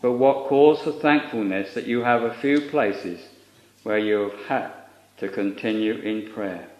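Low-voiced guy preaching, solemn and earnest, old-style bible wording, roomy and kind of dull lo-fi sound. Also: a little slow, a little mellow. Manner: solemn, earnest, old-fashioned scriptural phrasing. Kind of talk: sermon. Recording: lo-fi recording in an echoey room.

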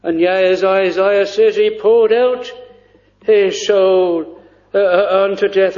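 A man preaching a sermon in an earnest, hesitant way with frequent pauses. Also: high voice, steady tone, darkish tone. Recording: dull lo-fi recording.

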